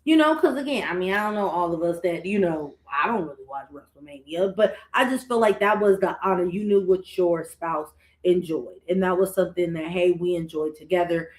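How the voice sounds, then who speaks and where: A woman co-hosting a podcast, telling stories in casual chat with quick, emotional asides. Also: on the low side. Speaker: podcast co-host. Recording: echoey room.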